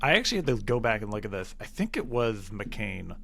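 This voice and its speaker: A man's voice: on the low side, sing-song, fairly quick, creaky, fairly bright tone, soft background music. A man co-hosting a comedy podcast in easygoing casual chat, laughing often. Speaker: podcast co-host.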